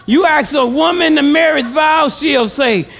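A man's voice: very high voice, a little slow, fairly bright tone. A male pastor preaching a sermon with humor, calling out questions to the congregation.

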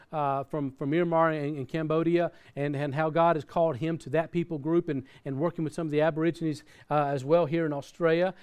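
A man's voice: on the high side, darkish tone, clear, resonant tone. Earnest man preaching a sermon. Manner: earnest, repeats words and restarts, reads scripture aloud. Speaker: pastor. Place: church in Australia.

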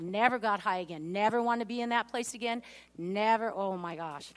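A woman giving an earnest, heartfelt personal testimony in a sermon. She reads scripture aloud, and her voice drops low on painful memories. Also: moderate pace.

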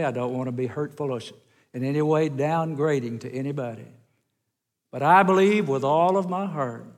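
Pastor preaching, folksy, voice kinda high, big church echo. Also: male voice. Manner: folksy storytelling with wide swings in pitch and loudness. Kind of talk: sermon. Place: church sanctuary. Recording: long church hall reverb.

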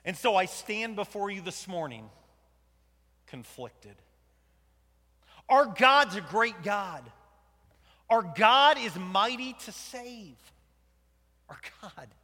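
A man playing Jonah, a conflicted and angry prophet, in a dramatic first-person sermon. His delivery swings between loud outbursts and hushed whispers. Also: high-pitched, full character voice. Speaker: preacher in dramatic monologue. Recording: long hall reverb.

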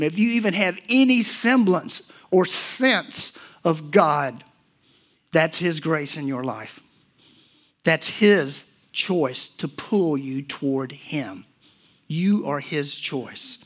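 A pastor, a man in his forties or older, preaching a sermon and telling personal stories, swinging between hushed and loud moments. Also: on the high side. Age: 40s or older.

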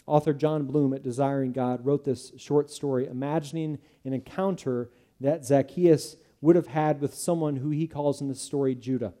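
A man's voice: medium pitch, fairly even intonation, normal speed, few pauses, mellow. A male pastor preaching a sermon, in an earnest, emphatic manner.

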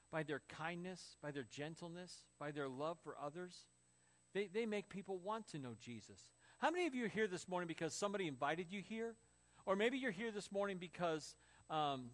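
A man's voice: sits high, a bit bright. A man preaching a sermon as pastor, telling stories and acting out quotes. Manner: storytelling with acted quotes and laughs.

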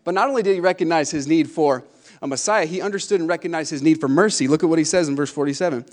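High-voiced fervent male preacher. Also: racing. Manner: fervent, swinging from hushed asides to emphatic declarations. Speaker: pastor. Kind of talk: sermon.

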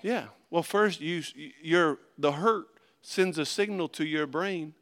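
A man preaching a sermon, folksy and animated, swinging between loud emphasis and hushed asides. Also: on the high side, slow pace. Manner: animated, folksy, acts out little voices. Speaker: pastor.

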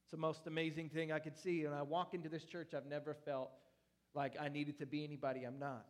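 Animated preaching man, slightly high voice. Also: fast talker. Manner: animated, playful preaching with lively swings in loudness. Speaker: pastor. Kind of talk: sermon. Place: church.

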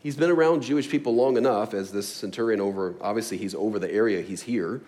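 A man's voice: fairly low pitch, fast, darkish tone. A man preaching a sermon, explaining a scripture passage with storytelling and acted-out asides. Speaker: pastor.

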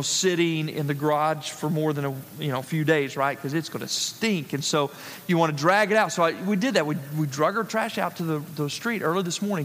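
High-voiced pastor preaching in a reverberant church. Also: male voice, a bit bright. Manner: emphatic, repeats key phrases for stress. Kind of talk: sermon. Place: church sanctuary.

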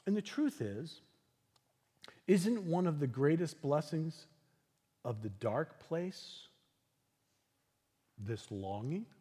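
A man preaching a sermon as pastor, earnest and unhurried, dropping into soft, hushed passages. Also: fairly high pitch, very animated, slightly rough, long reverb tail.

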